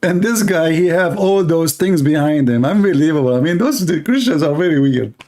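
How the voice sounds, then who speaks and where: A man's voice: on the high side, lively intonation, a little fast, darkish tone. A man giving sarcastic live-stream reaction commentary on a clip, rambling and mocking in broken English.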